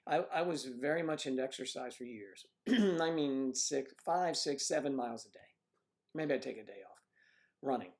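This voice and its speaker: An older man hosting a livestream, chatting casually through rambling anecdotes with frequent restarts and throat clearing. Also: medium pitch, normal speed. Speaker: livestream host. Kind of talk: casual chat reading viewer comments. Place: home livestream setup.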